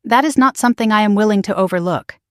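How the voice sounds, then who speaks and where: Cold, firm male executive, read by a woman narrator, quiet menace, audio story, dry sound. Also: mid-range voice, fast talker, no echo, natural voice. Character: stern, cool-headed male executive.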